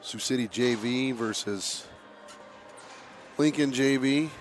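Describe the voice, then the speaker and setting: A man with a raspy voice calling a youth hockey game play by play, casual, with filler words and frequent throat clearing. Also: mid-range voice, takes it slowly, slight background noise. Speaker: play-by-play announcer. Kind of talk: amateur hockey commentary.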